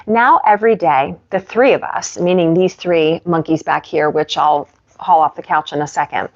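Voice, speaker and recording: A woman's voice: on the low side, normal speed, creaky, dull audio. A woman yoga instructor chatting casually on a live stream from her living room and reading from her book. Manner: chatty and warm with pets, laughs often.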